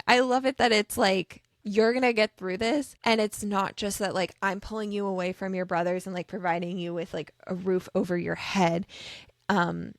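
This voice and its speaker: A woman hosting a book podcast, chatting casually and acting out character lines with animated voices. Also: mid-range voice, normal speed, no room sound, clean studio sound. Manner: animated, acts out character quotes in lively voices. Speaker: podcast host.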